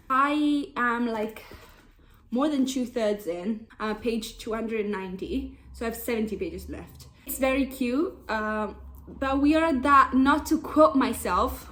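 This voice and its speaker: A book vlogger in her twenties chats casually and bubbly about what she's reading, full of "like" fillers. Her voice is a little high with a fairly bright tone.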